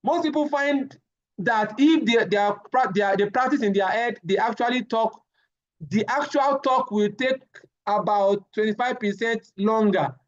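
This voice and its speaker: A man, giving a live safety training lecture, animated and often repeating his words as he addresses the class. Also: sits high, moderate pace, lo-fi sound.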